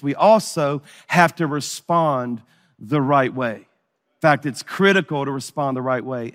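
A man's voice: on the high side, a bit bright, big-room sound. A middle-aged man preaching a sermon, telling a story and acting out the dialogue. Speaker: pastor.

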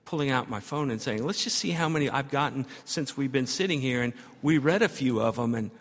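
A man's voice: mid-range voice, lively intonation, brisk. Pastor guy preaching, tells a story then builds up big repeated lines, church reverb all around. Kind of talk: sermon. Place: church sanctuary.

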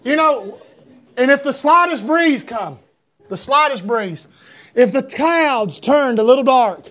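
A middle-aged Southern pastor with a Georgia accent and a markedly high voice. He wanders through homespun stories with stammered restarts and self-deprecating humor, then lifts into a shouted sermon. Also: expressive, slow.

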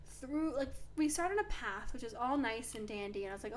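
A woman's voice: on the high side, animated, a little fast, a little hiss or hum. A young woman co-hosting a podcast, chatting casually and telling stories with lots of "like" fillers. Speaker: podcast co-host. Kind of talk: casual chat.

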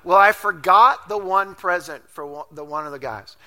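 A pastor preaching a storytelling sermon at a church service, animated and self-deprecating, laughing often as he talks. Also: sits high, normal speed. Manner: laughs often while talking.

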